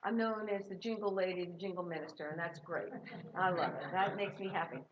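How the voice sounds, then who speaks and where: A middle-aged woman giving a sermon as guest minister, warm and encouraging as she leads the congregation. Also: on the low side, fairly even intonation, a little fast, lo-fi sound, background noise. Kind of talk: sermon with sung jingles. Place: church sanctuary.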